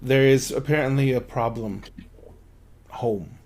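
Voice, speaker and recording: A man voicing a huge, armored old grandfather warrior who speaks sternly and slowly. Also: mid-range voice, darkish tone, slight background noise, voice pushed down, lightly acted. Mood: grave. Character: gruff giant old male warrior grandpa.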